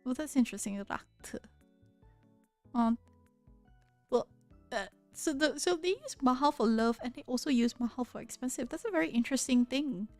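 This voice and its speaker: Young Malaysian-accented woman, livestream host, curious and chatty, light laughs, slightly high voice, dry close mic, faint music behind. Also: expressive, moderate pace, long pauses, darkish tone, no room sound. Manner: curious, chatty, laughs often, many restarts. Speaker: streamer. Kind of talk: casual livestream chat with viewers. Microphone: close studio mic.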